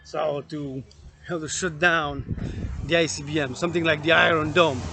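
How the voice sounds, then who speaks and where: A man's voice: a little high, steady tone, moderate pace, gravelly, noisy background. A man in his thirties, a fitness vlogger, talking in a rambling, profane monologue that jumps from topic to topic.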